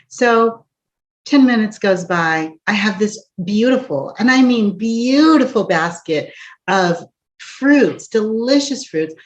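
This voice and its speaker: Animated woman telling a story. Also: mid-range voice, a little slow. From United States. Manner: animated storyteller, laughs often, asides to listener. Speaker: empath coach. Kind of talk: storytelling encouragement talk. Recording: dull lo-fi recording.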